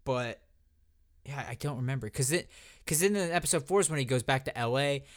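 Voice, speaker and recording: A man co-hosting a podcast in casual chat, animated and swearing freely, often restarting his sentences. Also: mid-range voice, a little fast. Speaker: podcast co-host.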